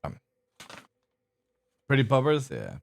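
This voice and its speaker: A man streaming live, chatting casually to his viewers and coaxing his dogs with a high sing-song voice. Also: huge pitch swings, slow, gravelly.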